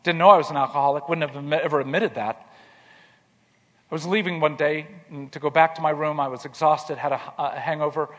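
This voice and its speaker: A man telling a personal story in an earnest way, repeating words as he starts and going quiet in tender moments. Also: a little high, fairly even intonation, brisk, long reverb tail. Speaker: speaker telling his life story.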